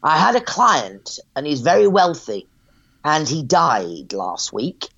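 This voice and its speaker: A woman's voice: deep voice, sing-song, slow pace, fairly bright tone, slightly rough, pitched above the performer's own voice, heavily acted. A blunt, well-spoken man, put on by a woman telling a story sounds exasperated and plain-spoken. The recording is dull and lo-fi.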